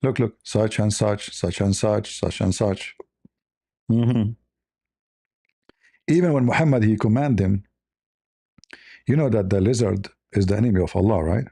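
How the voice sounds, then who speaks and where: A man's voice: lowish voice, unhurried, creaky, pauses often, mellow, husky, no echo, studio quality. A man giving mocking commentary, sarcastic and laughing, with non-native phrasing. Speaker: online religion critic.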